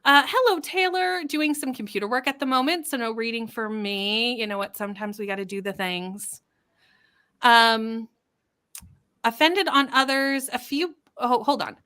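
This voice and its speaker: A woman's voice: on the high side, moderate pace, bright, forceful tone, smooth. A woman with a Canadian accent hosting a live reading stream, chatting casually and greeting viewers by name as she reads their comments aloud. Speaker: livestream host.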